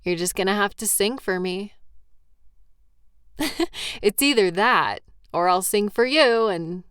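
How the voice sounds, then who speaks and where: An audio role-play performer plays a tired, yawning woman in a comfort scenario, speaking sleepily and reassuringly to a partner with some playful teasing. Her voice is medium-pitched, slow, smooth, and fairly bright. The recording is dry and studio quality.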